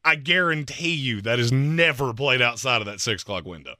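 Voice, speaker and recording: A man's voice: mid-range voice, animated, a little fast, sharp tone, dry recording, studio quality. A man co-hosting a sports talk show, joking and emphatic, with sarcastic asides. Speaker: sports radio co-host.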